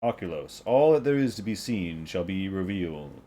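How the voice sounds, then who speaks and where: A man voicing a solemn male priest who claims to see all, speaking slowly in grave, archaic phrases. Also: low-pitched, very animated, mellow.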